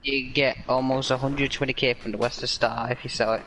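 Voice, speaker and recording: A man's voice: medium pitch, flat delivery, brisk, fairly bright tone, a little hiss or hum, poor audio. A man on a gaming stream who makes offhand remarks while he plays. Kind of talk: casual gaming chat.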